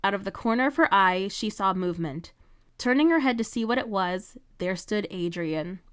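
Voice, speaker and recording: A woman narrating her own fan-written story in a measured, even storytelling voice. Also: mid-range voice, smooth. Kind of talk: fan fiction read-aloud narration.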